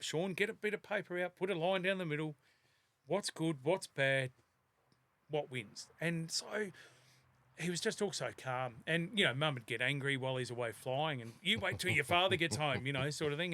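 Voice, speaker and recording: An Australian man in his fifties, a podcast guest telling lively stories in casual chat and laughing often. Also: on the high side, normal speed, no room sound. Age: 50s.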